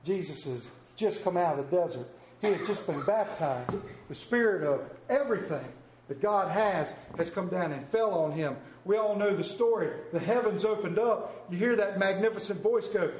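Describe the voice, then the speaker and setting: A man's voice: high voice, lively intonation, normal speed, a little mellow, slight background noise. A man preaching a sermon as pastor, telling folksy stories and joking about himself. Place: church. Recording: echoey church room.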